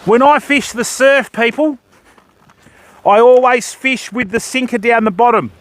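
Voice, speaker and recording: This older Australian man speaks at an extremely high pitch, a little slowly, with a bit of brightness and some faint hiss or hum. He's outdoors on a surf beach, running a casual fishing livestream and greeting viewers as mate and bud while rigging and casting.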